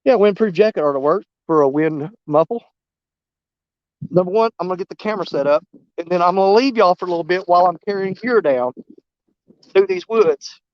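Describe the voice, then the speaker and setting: A high-voiced man with a drawl talks to his viewers from a muddy river bank, excitable and quick to get emotional. The sound is dull and muffled, recorded dry outdoors on a covered camera mic. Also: no echo. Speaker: fishing vlogger. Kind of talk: casual outdoor vlog. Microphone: camera mic muffled against the wind.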